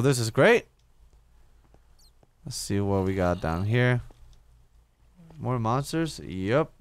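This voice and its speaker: Commentating his own game in a casual let's-play, a young man with a lowish voice and vocal fry mutters to himself, cursing frequently and repeating words in moments of panic. There's slight background noise.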